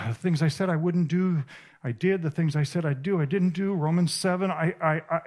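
Male conference preacher, voice on the higher side, emotional storytelling, stumbles and restarts. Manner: emotional storytelling with halting repetitions. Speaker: conference speaker. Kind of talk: sermon. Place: conference stage.

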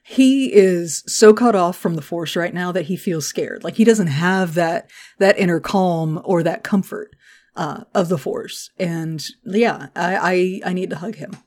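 A woman co-hosting a podcast, recapping a show in casual chat, animated and laughing often. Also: fairly low pitch, unhurried. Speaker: podcast co-host.

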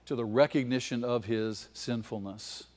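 A man preaching a sermon with passion, his voice swelling to near-shouts at its peaks. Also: medium pitch, steady tone, normal speed. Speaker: pastor. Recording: long hall reverb.

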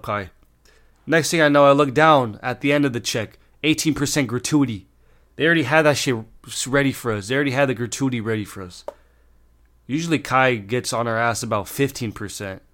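A man's voice: medium pitch, brisk, fairly bright tone. Young man ranting a profane storytime. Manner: profane, exasperated, rambling with restarts. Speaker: vlogger. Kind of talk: storytime rant.

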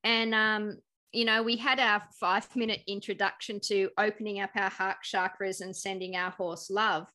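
A woman chatting in a lively, storytelling way, often laughing and voicing the people in her anecdotes. Her tone is bright and forward, with a crisp edge. She talks casually, as a guest on a podcast. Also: medium pitch, moderate pace. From Australia. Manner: animated storyteller, laughing, acting out quotes. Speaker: guest, pharmacist.

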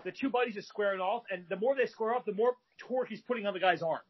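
A man with a high, husky voice spins a rambling bar story as a podcast guest, stopping and restarting often. The sound is dull and lo-fi. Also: fast. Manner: rambling with frequent fillers and restarts. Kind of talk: animated storytelling.

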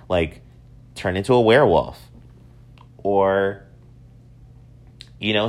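Guy in his 30s, really low voice, jokey storytelling, jumps way up high when he quotes people. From upstate New York. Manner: animated, self-mocking, swings up high for acted quotes. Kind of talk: casual storytelling monologue.

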